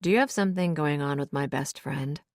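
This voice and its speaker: A woman's voice: low-pitched, a little fast, no echo, clean studio sound, pitched below the performer's own voice, natural voice. A woman voicing a brusque, possessive male billionaire boss who talks in blunt, clipped lines. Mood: accusing.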